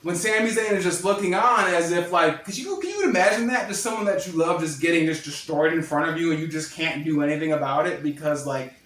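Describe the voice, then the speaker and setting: A man giving a casual spoken wrestling review, rambling and excitable with many restarts and fillers. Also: fairly high pitch, brisk, hardly any pauses, echoey room.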